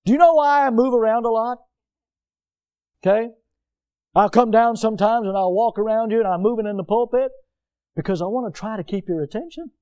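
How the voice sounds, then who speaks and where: Animated preacher with a high voice. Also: male voice, brisk, long pauses, smooth. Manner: animated, conversational preaching with repetition and asides. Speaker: pastor. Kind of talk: sermon. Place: church.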